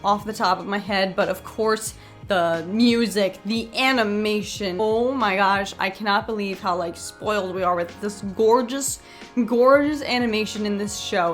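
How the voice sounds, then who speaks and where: Woman, tired late-night voice, chatty unscripted review, gushing, mid-pitched. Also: normal speed, soft background music. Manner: chatty and gushing, with many filler "like"s. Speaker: TV episode reviewer.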